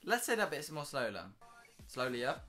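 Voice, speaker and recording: A young man chats straight to camera for his channel. His voice sits a touch high and sounds bright and forceful, and he curses freely while mocking himself. Faint music plays in the background. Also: normal speed. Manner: excitable, swears a lot, laughs at himself. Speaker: YouTuber. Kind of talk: casual vlog commentary.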